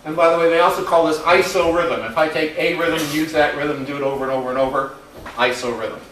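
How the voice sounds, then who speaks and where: A man teaches a music class, singing out rhythms on nonsense syllables between explanations, his voice pitched a little high. He sounds far from the recorder in a very echoey classroom, with faint music in the background. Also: steady tone, fast talker, fairly bright tone, a little hiss or hum. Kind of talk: classroom lesson. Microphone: distant recorder in the room.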